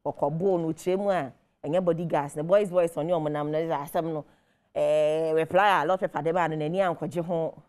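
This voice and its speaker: Low and a little mellow, this Ghanaian-accented woman's voice keeps a fairly even intonation and moderate pace. Hosting entertainment news, she delivers animated, emphatic scolding in a blend of Twi and English.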